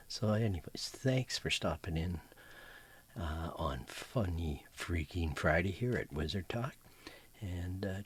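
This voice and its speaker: A middle-aged man hosting a comedy show, telling a joke in a relaxed, folksy way with a husky voice that often drops into whispers. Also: low voice, a little slow.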